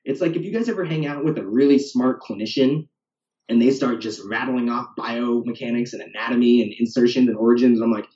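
A fitness coach with a dark, medium-pitched voice speaks fairly quickly in relaxed podcast talk. He's a talker who wraps up points with "right?". The recording comes across as roomy, distant and dull lo-fi.

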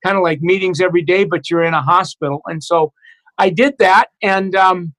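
A middle-aged man recounting his recovery in a halting, reflective way, with many restarts and fillers. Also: high voice, a bit bright, low-quality recording. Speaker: guest. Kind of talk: personal recovery story in conversation.

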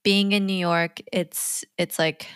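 A woman's voice: on the low side, steady tone, takes it slowly, a bit bright, clean tone, dry recording, studio quality. A woman from the United States co-hosting a podcast, chatting casually, laughing often, and stretching out her phrases. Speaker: podcast co-host. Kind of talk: casual chat.

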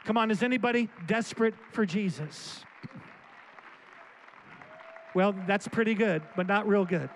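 A man's voice: sits high, fairly quick, a faint crowd, slight background noise. A man preaching a sermon as pastor, pleading in repetitive prayer and urging his congregation with calls of "come on". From Florida.

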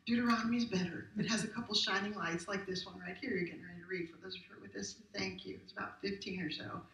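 A woman's voice: mid-range voice, steady tone, racing, fairly bright tone. A middle-aged woman pastor giving a conversational, emphatic sermon full of rhetorical questions. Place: church sanctuary. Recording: roomy hall captured from a distance.

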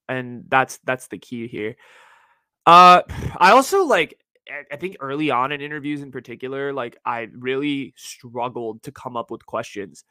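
A young male podcast host tells stories from his first year in a loose, slangy, profane manner. His voice is bright and forceful, with a medium pitch. The sound is dry and close, with no room around it. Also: no echo. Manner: casual, profane, animated storytelling with slang. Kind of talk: solo podcast reflection.

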